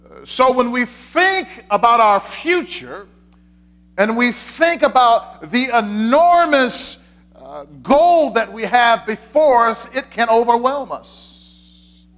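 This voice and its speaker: A man's voice: extremely high pitch, expressive, slow pace, a bit bright. A man, a pastor, giving a conversational sermon, repeating his key points with frequent fillers.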